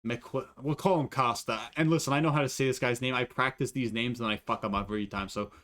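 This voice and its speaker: A man's voice: mid-range voice, fairly even intonation, quick pace, fairly bright tone. A young man giving casual, profane MMA fight predictions, rambling and joking as he stumbles over fighter names.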